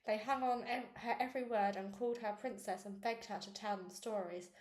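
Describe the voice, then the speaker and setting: A woman reading a children's novel aloud, with small slips and restarts, raising her pitch for the girls' quoted lines. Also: steady tone, fairly quick, darkish tone. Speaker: reader. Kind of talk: read-aloud book narration. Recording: echoey room with faint noise.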